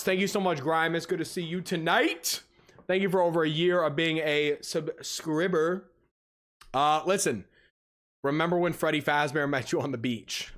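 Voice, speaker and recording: A male livestream host with a somewhat high voice chats casually with his audience. He is animated and teasing, and his pitch leaps upward as he greets viewers. He laughs often as he goes. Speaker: livestream host reacting to videos.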